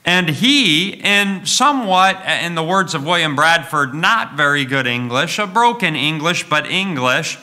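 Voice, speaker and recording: Preacher, male, slightly raised pitch, bright cutting tone, animated storyteller who stumbles and restarts. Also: unhurried, few pauses. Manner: animated, many fillers and restarts, asks the listeners questions. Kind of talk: storytelling sermon.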